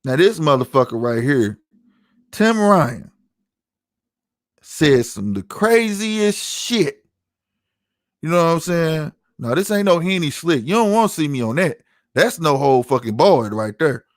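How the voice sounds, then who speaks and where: Speaking at a measured pace and pausing often, a middle-aged podcast host rants heatedly to his live chat, swearing and hammering his points home. His very animated voice sits on the high side, and the studio-quality recording has no room sound.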